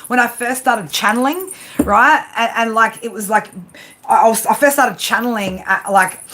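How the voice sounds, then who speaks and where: Woman, tarot reader, live stream, blunt, heavy swearing, rambling, background noise. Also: on the high side. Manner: blunt tough-love talk with heavy swearing; rambling, with constant "right?" tags.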